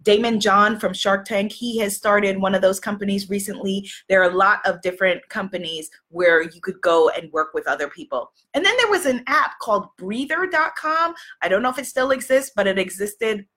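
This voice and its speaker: A woman's voice: mid-range voice, expressive, normal speed, few pauses, pushed and bright. A woman business coach chatting casually to her audience, rambling with many fillers and restarts.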